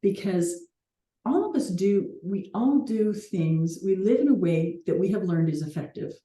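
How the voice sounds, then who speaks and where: A woman's voice: medium pitch, lively intonation, measured pace, mellow, echoey room. A woman hosting a coaching call, talking earnestly and reflectively with light laughs now and then.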